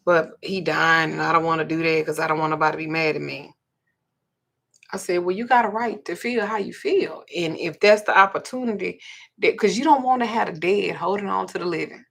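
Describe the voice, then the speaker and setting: Outspoken female spiritual host, low husky voice with fry. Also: moderate pace, fairly bright tone. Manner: blunt and profane, retelling a client's story. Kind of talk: livestream talk.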